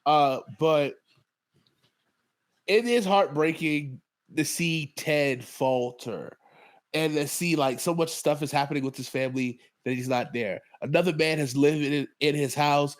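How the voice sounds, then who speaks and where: A man's voice: on the high side, a little slow. Chatty guy on a podcast. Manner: loose, chatty, laughs often. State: tired. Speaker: podcast co-host. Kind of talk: casual chat.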